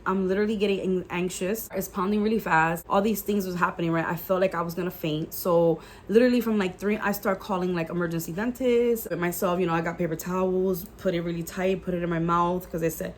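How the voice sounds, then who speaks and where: A woman's voice: fairly low pitch, a little hiss or hum. A young adult woman telling a personal story to her viewers in a casual, chatty way, full of "like" and "guys". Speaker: YouTuber telling a personal testimony.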